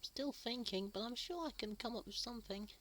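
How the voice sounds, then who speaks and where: Toffee, a woman doing a shy soft toy. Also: a little high, fairly quick, pitched above the performer's own voice, close to an everyday voice. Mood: hesitant. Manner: quiet, hesitant, murmuring. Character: shy soft-spoken toy, slow to decide.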